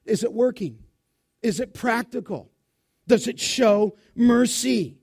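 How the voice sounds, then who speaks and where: High-pitched man preaching slowly. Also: a little mellow. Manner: emphatic, asks rhetorical questions and answers them. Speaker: pastor. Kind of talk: expository sermon. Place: church.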